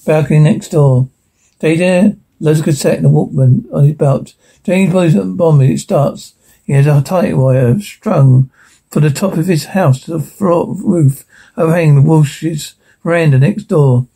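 A man's voice: a little high, gravelly, dark tone, breathy edge. A man reading a film script aloud, stumbling and correcting himself as he goes. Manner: halting, self-correcting. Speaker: reader.

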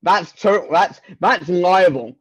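A Scottish man talks in a higher-than-usual, husky voice. He rambles and teases in casual podcast chat, sometimes playing at being offended. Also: slow pace. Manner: playful, mock-indignant, rambling. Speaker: wrestler guest.

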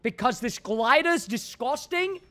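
A man with a high-pitched voice talks through a game on a casual livestream. He is excitable and jokey, and shouts when frustrated. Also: a little slow. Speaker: gaming livestreamer. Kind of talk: casual gaming livestream commentary.

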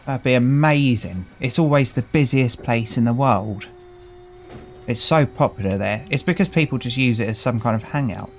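A British gaming channel host chats his way through a let's-play in a mid-range voice at normal speed, wry and casual, greeting the characters he runs into. The recording is rough, with a little hiss or hum.

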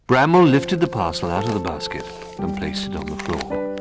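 A man narrating a children's storybook in a gentle, expressive manner. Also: deep voice, normal speed, soft background music.

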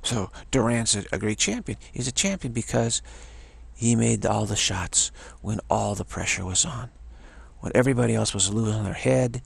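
A man's voice: lowish voice, lively intonation, normal speed, gravelly, breathy edge, no room sound. A middle-aged man teaching a self-development practice in a motivational talk, emphatic and repeating phrases for stress.

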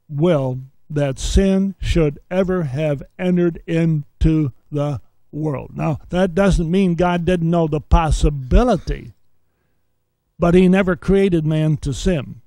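A man teaches a Bible lesson in a preacher's cadence. He reads verses aloud and then explains them point by point. His voice sits a little high but sounds warm and mellow, and the recording is close and dry. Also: slow, dry recording. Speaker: seminary teacher.

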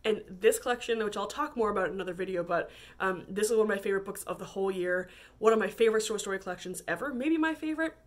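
A woman's voice: mid-range voice, rapid-fire. A woman from Canada chatting casually about books she bought, full of fillers and frequent laughter. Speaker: book vlogger. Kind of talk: casual chat.

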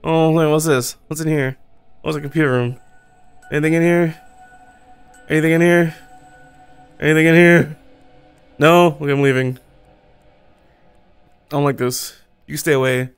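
A man streaming a horror game, talking to himself in casual commentary, swearing and jumping to a high squeal when startled. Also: steady tone, normal speed, long pauses, smooth, no room sound, faint music behind. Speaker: gaming streamer.

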